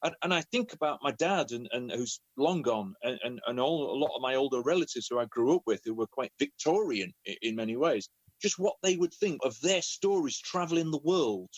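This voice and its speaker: A man who is a professional storyteller, telling a family story in an animated way, often repeating words. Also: mid-range voice, brisk, no room sound, muffled recording. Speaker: professional storyteller and children's author. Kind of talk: conversational storytelling.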